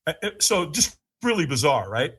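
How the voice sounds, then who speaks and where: A man's voice: very animated, moderate pace, fairly bright tone, breathy edge. A man on a podcast, telling his story with frequent laughs and acted-out quotes. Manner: laughs often, acts out quotes in a higher voice. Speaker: podcast guest. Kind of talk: animated storytelling.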